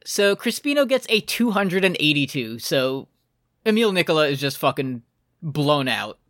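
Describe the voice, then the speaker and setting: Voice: medium pitch, big pitch swings, moderate pace, fairly bright tone, no echo, clean studio sound. A podcast co-host recapping an anime in a casual, sarcastic and profane way, laughing often.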